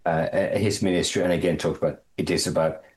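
A man leading a Bible study, explaining a passage in a halting way, often repeating words and lifting his voice on quotations. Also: fairly even intonation, a little mellow. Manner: halting, repeats words, stresses phrases with rising pitch. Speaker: Bible teacher.

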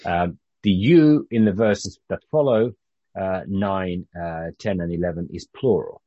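A man's voice: low-pitched, no echo, lo-fi sound. A man from Britain leading an informal Bible study, talking conversationally with frequent halts and restarts. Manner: halting, restarts often, conversational.

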